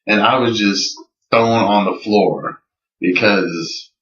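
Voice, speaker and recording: A man's voice: fairly low pitch, takes it slowly, fairly bright tone. A man telling a story in a personal video submission, earnest and incredulous as he recounts conversations. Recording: roomy, distant, dull lo-fi recording.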